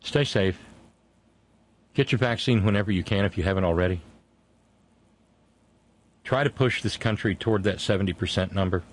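Low-voiced earnest male show host. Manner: earnest, halting with many restarts. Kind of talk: casual on-air chat and sign-off.

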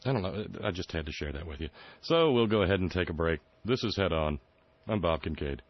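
A man's voice: deep voice, lively intonation, brisk, no echo. A man hosting a radio talk show, telling a joke and doing put-on voices for the people in it. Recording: dull lo-fi radio sound.

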